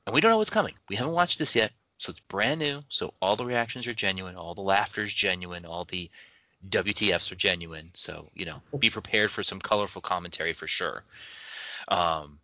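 Deep-voiced guy, punchy bright tone, chatty podcast host, dry dull mic. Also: brisk, no echo. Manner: chatty, upbeat, loose reaction commentary. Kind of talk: casual chat.

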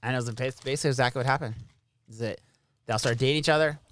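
Rapid-fire and mid-range, a man chats casually through stories of his time as an army captain. He swears freely, stays animated, and quotes the people in his tales.

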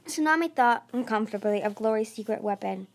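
A woman reading a novel aloud in a steady voice, often tripping over words and correcting herself. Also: on the high side, brisk. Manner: steady with frequent slips and self-corrections. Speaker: storybook reader.

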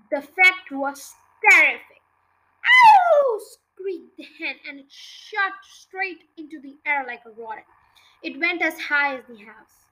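A woman reading a children's book aloud for her podcast in an expressive, lively way. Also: high-pitched, rough recording. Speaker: podcast reader.

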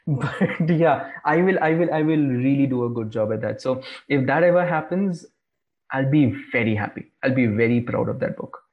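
Man, mid pitch, chatty, rambling, lots of fillers, casual podcast talk. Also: moderate pace, narrow, tinny audio. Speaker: illustrator and corporate trainer being interviewed.

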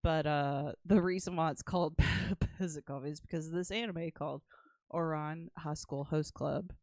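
A woman's voice: low-pitched, steady tone, normal speed, a little mellow, no room sound, studio quality. A woman co-hosting a casual movie-news podcast, chatty and teasing, laughing mid-sentence. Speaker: podcast co-host. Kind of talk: casual chat.

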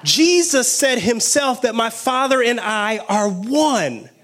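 A man preaching a sermon with excited exclamations and call-and-response energy. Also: very high voice, takes it slowly.

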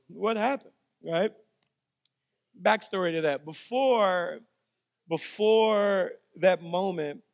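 A man, a pastor preaching and telling jokey personal stories with animated delivery. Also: high-pitched. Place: church hall. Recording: long hall reverb.

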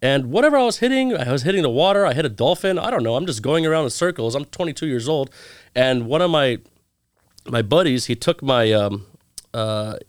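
This is a man in his thirties with an ordinary mid-range voice. He speaks as a guest in a casual interview, telling animated stories and putting on the voices of the people he quotes. The recording is dry, with no room sound. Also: medium pitch, fairly quick, no echo. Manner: animated storyteller acting out quoted dialogue.

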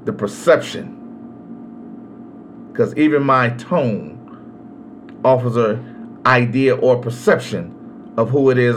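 A man hosting a podcast, giving a slow, emphatic solo commentary on legal rights with long pauses. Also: mid-range voice, a little hiss or hum. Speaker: podcast host.

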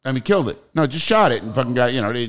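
A man's voice: medium pitch, big pitch swings, rapid-fire. An older man, rambling and swearing as he tells stories on a casual podcast. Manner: rambling storyteller, swears freely, many restarts. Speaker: podcast host.

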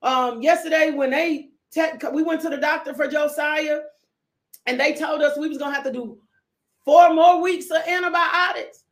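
A woman preacher giving an impassioned sermon, fervent and emotional, breaking into sudden shouts and repeated pleas. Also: sits high, moderate pace. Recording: echoey room.

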